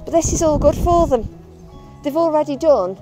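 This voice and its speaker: A woman's voice: high voice, expressive, normal speed, music in the background. A woman, a bird of prey handler, chatting casually and affectionately while filming outdoors. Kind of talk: casual video update.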